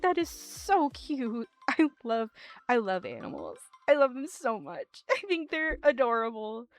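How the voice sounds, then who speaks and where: A woman's voice: a little high, big pitch swings, measured pace, faint music behind. A woman streamer chatting casually with her live chat, rambling and giggling often with lots of "like".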